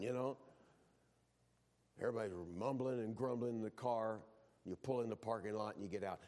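A pastor from Texas delivering a sermon in a loose, conversational way, often doubling back and restarting his phrases. His voice sits at an ordinary, middle pitch for a man. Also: moderate pace, pauses often, dark tone. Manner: conversational preaching with repeated restarts.

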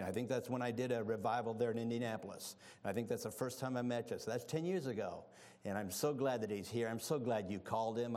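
A man's voice: mid-range voice, a little mellow, long reverb tail. A man preaching as a visiting evangelist, telling folksy stories with humor and praying fervently in a church sanctuary. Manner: fervent prayer. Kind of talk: sermon.

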